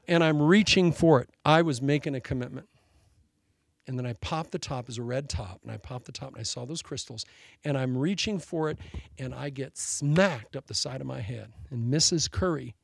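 Gravelly animated preaching man. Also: fairly high pitch, no room sound. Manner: animated storytelling, laughing at his own jokes. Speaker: pastor. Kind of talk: sermon.

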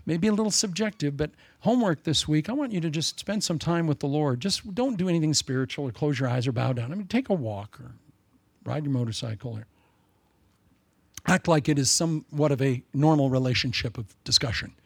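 An older man preaching a sermon in a folksy, humorous way, swinging between loud emphasis and soft asides. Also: a little high, animated, fairly quick, slightly rough, no room sound.

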